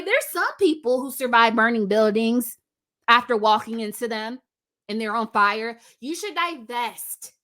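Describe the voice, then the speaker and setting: Emphatic woman commentator with a bright voice. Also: on the high side. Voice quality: emphatic, repeats points for stress. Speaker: commentary channel host. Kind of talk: direct-to-camera commentary.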